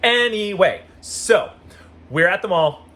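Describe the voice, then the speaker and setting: A man telling stories casually in a vlog, animated and full of "like" fillers. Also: sits high, slow. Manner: animated, acts out quoted voices, frequent "like" fillers. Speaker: vlogger.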